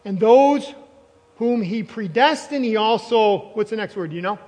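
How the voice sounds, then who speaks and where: High-voiced male pastor preaching in a hall. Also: expressive, moderate pace, darkish tone. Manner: emphatic, repeats phrases, quizzes the congregation. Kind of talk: sermon. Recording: long reverb of a large hall.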